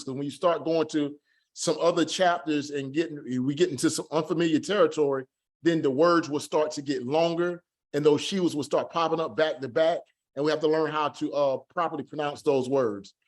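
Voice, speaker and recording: Patient man teaching a class. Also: on the high side. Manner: patient, repeats words slowly to drill pronunciation. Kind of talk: online class lesson.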